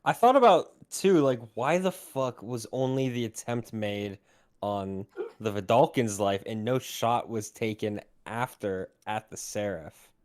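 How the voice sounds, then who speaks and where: A man's voice: fairly low pitch, animated, a little slow, darkish tone, smooth. A male player in casual post-game chat, rambling, swearing and laughing.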